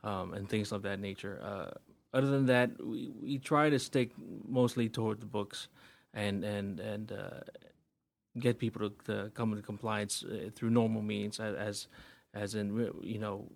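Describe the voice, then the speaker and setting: A man with a fairly low voice answers interview questions as a pretrial officer. He talks haltingly, with frequent pauses and restarts. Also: little pitch movement, gravelly. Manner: hesitant, many fillers and restarts.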